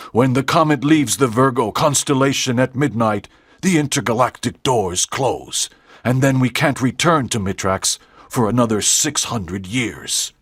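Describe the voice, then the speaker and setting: Man doing a bossy alien boss on a screen, husky voice, dry close sound, audiobook drama. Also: mid-range voice, dry recording. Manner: bossy, urgent orders. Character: commanding male alien leader on a screen. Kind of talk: graded-reader audiobook drama.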